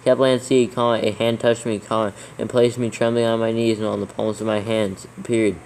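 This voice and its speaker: A proofreader dictates scripture, reading slowly and deliberately while naming every punctuation mark and capital letter. His fairly low voice stays level and flat, and the rough recording carries a faint hiss.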